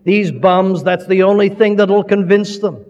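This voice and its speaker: A man's voice: high-pitched, unhurried, darkish tone, pitched above the performer's own voice. A man voicing a brawny, reformed miner who thunders threats at a heckler. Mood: thundering. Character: brawny reformed male miner, furious and blunt. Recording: dull recording with long hall reverb.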